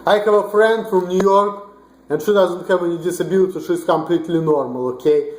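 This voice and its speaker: A man's voice: high voice, steady tone, fairly quick. A young man in his twenties from Russia with a Russian accent, ranting bluntly and profanely in a rambling vlog monologue with many restarts. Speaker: vlogger. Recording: roomy echo.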